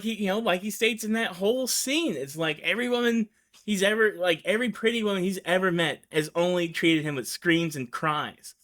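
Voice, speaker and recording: A show host with a rather high, slightly bright male voice chats casually about films. He rambles, fills his talk with fillers and restarts, and laughs often.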